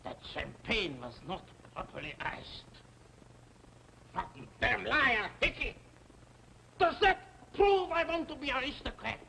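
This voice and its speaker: Drunk old anarchist, high bright voice swinging all over, slurry and grand, old tv play. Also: male voice, sing-song, a little slow, gravelly, background noise, heavily acted. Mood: raving drunk. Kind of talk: 1960 television drama acting.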